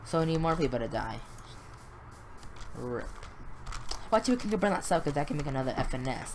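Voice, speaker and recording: A woman giving rambling, excitable commentary on her gameplay from a room at home, talking straight to viewers and clearing her hoarse, fading voice. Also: very deep voice, moderate pace, long pauses. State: losing voice, clearing throat. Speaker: gaming video host. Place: home room, brother nearby. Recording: noisy home recording.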